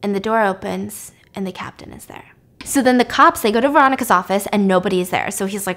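A woman hosting a podcast, casually retelling a thriller plot with animated delivery that sometimes drops to a whisper for suspense. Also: on the high side, a little fast. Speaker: podcast host. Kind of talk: casual story recap.

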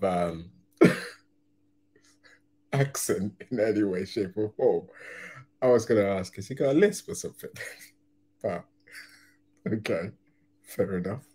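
A man's voice: lowish voice, dark tone, slightly rough. A man hosting a reaction video, commenting casually on a comedy clip, often laughing and rambling through restarts.

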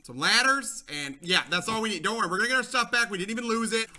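A young man giving excitable let's-play commentary, talking to viewers, repeating himself and yelling when things go wrong. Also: sits high, fast, hardly any pauses. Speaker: gaming channel host.

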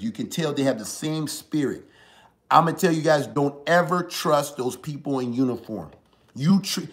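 A man in his forties hosting a live show, delivering a preachy, impassioned monologue. He repeats his points, dropping to a hush and then rising to forceful emphasis. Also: mid-range voice. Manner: preachy, swings from hushed to forceful, repeats lines.

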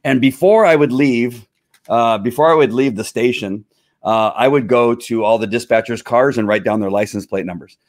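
A man's voice: medium pitch, moderate pace. Rambling, chuckling middle-aged man. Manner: chuckling, rambling with many fillers. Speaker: former police officer and commentator. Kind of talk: casual storytelling monologue.

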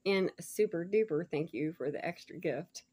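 A woman chatting casually to viewers as she unboxes a gift package, gushing and laughing often, sometimes dropping to soft murmurs. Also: on the low side, animated, moderate pace, slightly rough. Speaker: vlogger showing a gift package.

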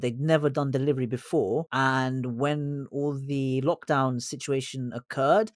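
Brief: young English man, podcast co-host, conversational, mid-pitched, dry close mic. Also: dry recording. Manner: chatty, gives examples, asks follow-up questions. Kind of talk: casual chat.

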